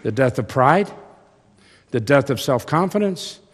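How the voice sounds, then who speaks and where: Slow, dramatic older preacher in a hall. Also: male voice, mid-range voice, expressive. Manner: dramatic shifts from hushed to loud. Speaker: seminary professor. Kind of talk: chapel sermon. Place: large chapel hall. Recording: long reverb of a large hall.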